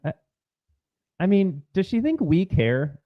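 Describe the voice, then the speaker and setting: A man's voice: high voice, sing-song, slow pace, no echo, narrow, tinny audio. A man hosting a political talk show, speaking casually with a sarcastic, scornful tone. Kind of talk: casual commentary.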